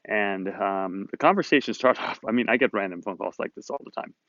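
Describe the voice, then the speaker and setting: A man with a lowish voice talks a little fast with lively intonation, his tone a bit bright, with no room sound and the highs cut off. Hosting a motivational video series in Southern California, he speaks to the camera in a casual, upbeat monologue, rambling a bit as he retells a conversation.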